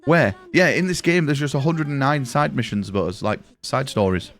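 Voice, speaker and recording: A man's voice: mid-range voice, moderate pace, a bit bright. A young man streaming a game live, rambling and swearing as he tells stories to friends. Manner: rambling, swears, chatty storyteller. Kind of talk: casual live-stream chat while gaming.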